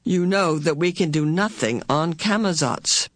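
A woman voicing an ancient, otherworldly female being who speaks in a cool, measured, calm way. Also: deep voice, no echo, studio quality.

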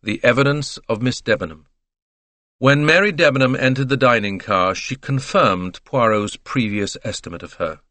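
A man reading an audiobook in measured, scripted narration. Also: fairly low pitch, a bit bright, no echo.

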